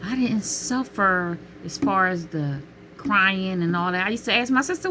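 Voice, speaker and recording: Woman, middle-aged, casual to-camera talk, unhurried, forceful bright tone, emphatic and expressive. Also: medium pitch, a little hiss or hum. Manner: emphatic and expressive, calls viewers honey and child; peppers talk with exclamations to God. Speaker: vlogger giving relationship advice.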